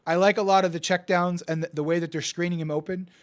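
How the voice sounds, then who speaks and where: A man co-hosting a casual sports betting chat, excitable and profane, often stammering and restarting, swinging from yelling to muttering. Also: high-pitched, fast talker, clear, resonant tone. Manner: die-hard team fan, swings from yelling to muttering. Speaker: podcast co-host.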